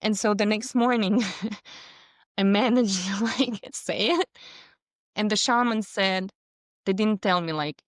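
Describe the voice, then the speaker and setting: A woman's voice: medium pitch, takes it slowly, pauses often, no echo, clean studio sound. A woman, a podcast guest telling a story animatedly in casual conversation. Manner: animated storytelling with laughs and voiced quotes.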